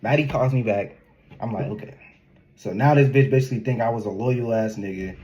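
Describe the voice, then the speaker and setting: A young man telling a casual storytime in an animated, slangy way, laughing often. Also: mid-range voice, slightly rough. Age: young adult. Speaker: vlogger.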